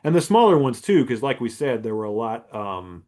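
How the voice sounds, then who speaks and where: A male podcast co-host chatting loosely about movies. He keeps circling back with fillers as he gathers his thoughts. His pitch sits squarely in the middle for a man. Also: very animated, normal speed, mellow. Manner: rambling, lots of "you know" fillers. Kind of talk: casual film discussion. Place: podcast studio.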